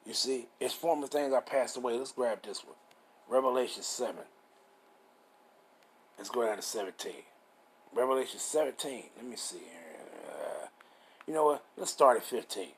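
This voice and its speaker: Slowly working through Bible verses, this medium-pitched man teaches scripture with animation and a fairly bright tone. His preaching is loose and a bit rough around the edges, broken up by rhetorical questions.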